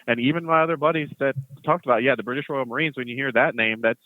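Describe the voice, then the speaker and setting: A man, a former US Marine, telling rambling, animated stories as a podcast guest. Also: mid-range voice, fast talker, no echo. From United States. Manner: rambling, animated storytelling with laughs. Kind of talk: casual podcast chat. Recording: tinny phone-like line, dry.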